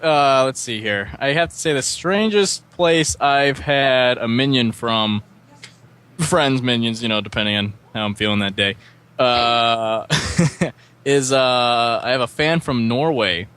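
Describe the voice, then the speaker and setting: Male podcast guest, mid-pitched, sarcastic, animated storyteller. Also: smooth. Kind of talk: casual chat.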